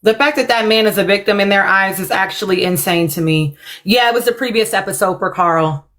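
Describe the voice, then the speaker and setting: A woman's voice: medium pitch, a little fast, a bit bright. A woman hosting a live stream, chatting casually with viewers and apologizing as she looks for clips. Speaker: livestream host reacting to a reality show. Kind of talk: casual live reaction chat.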